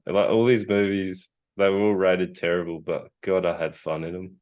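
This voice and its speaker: A man's voice: deep voice, little pitch movement, moderate pace, darkish tone. A man co-hosting a casual movie podcast, playful and teasing, always calling his friend mate. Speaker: podcast co-host.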